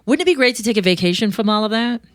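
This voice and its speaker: A woman's voice: mid-range voice, no echo. Chatty joking woman host, dry sound. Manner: chatty, joking, quick asides. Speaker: show host. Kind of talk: casual radio-show chat.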